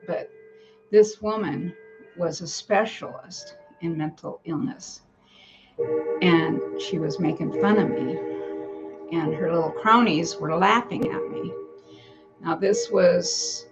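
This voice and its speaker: A woman's voice: fairly low pitch, slow, pauses often, over music. A woman vlogger telling a personal story in a rambling, casual way, breaking off now and then to talk to her cats at home. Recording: dull lo-fi home recording.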